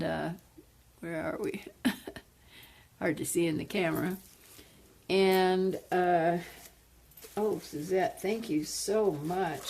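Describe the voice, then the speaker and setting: Slow gravelly-voiced woman gushing over plants. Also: on the low side. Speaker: plant vlogger. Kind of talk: casual unboxing chat.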